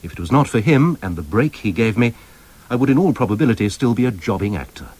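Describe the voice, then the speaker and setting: A man reading quotations aloud in an expressive, formal manner. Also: medium pitch, fast. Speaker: reader of quotations.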